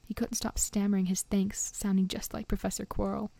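A woman reading a storybook aloud in a soft, often whispered voice. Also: mid-range voice, level tone, a little fast, creaky, no room sound. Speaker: reader.

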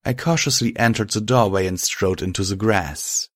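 A man narrating a first-person story in a calm, even manner. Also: on the low side, moderate pace, no room sound, clean studio sound.

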